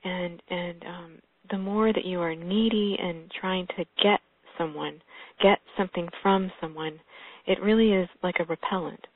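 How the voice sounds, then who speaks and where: A woman's voice: on the low side, steady tone, moderate pace, no echo. A woman hosting a casual call, earnest, with small restarts. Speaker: host. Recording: tinny phone line.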